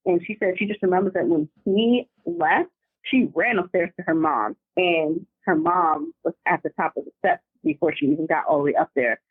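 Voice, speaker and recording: A woman caller telling family ghost stories in a chatty, animated, slangy way over the phone. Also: lowish voice, normal speed, slightly rough, no echo. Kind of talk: casual storytelling over the phone. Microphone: phone call. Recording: dry tinny phone line.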